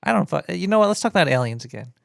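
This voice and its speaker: A man hosting a call-in comedy show, bantering loosely with a caller in a joking, deadpan way. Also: a little high, rapid-fire, vocal fry, no room sound, studio quality. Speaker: radio show host taking calls.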